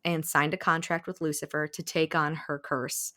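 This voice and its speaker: A woman hosting a podcast, casually recapping a romance novel in an animated way, acting out quotes and laughing often. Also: low-pitched, normal speed. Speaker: podcast host. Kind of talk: casual book-recap chat.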